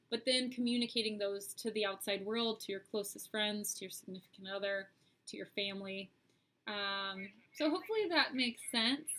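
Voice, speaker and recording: A woman with a bright, tense edge to her tone, sitting a little above the usual pitch, hosts a live-streamed oracle card reading. She chats directly to her viewers, loosely and with plenty of "um"s, as she explains each card. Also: rough recording. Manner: chatty, speaks straight to viewers, frequent "um"s.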